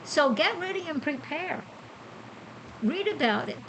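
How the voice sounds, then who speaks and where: A woman's voice: sits high, animated, unhurried, a bit bright, slight background noise, low-quality recording. A woman hosting a spiritual podcast, talking casually and asking herself questions before answering them. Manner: chatty, rhetorical questions and answers. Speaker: podcast host. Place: Costa Rica.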